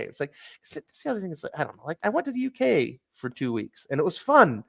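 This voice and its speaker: A middle-aged American man chatting casually, with a fairly high voice for a man. He rambles with plenty of fillers and a dry, sardonic edge. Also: big pitch swings, a little fast, vocal fry, sharp tone. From United States. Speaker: podcast host. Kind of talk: casual chat.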